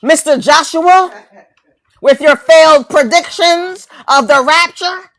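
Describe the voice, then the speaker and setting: A woman with a high-pitched, fairly bright voice speaks slowly as she delivers a confrontational, preachy rant to camera. She mocks her targets and fires off rhetorical questions and repeated lines.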